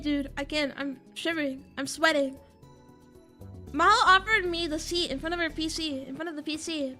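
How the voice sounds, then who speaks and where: A woman's voice: very high-pitched, sharp tone. A young woman streaming a game, joking dramatically and reading its text aloud in a casual chat.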